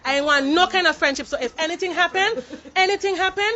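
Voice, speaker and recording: A woman who works in a warehouse speaks to camera in an impassioned, indignant protest, emphatic and slipping into French mid-sentence in her English. Her voice is very high, quick and sharp. The highs are cut off, with slight background noise.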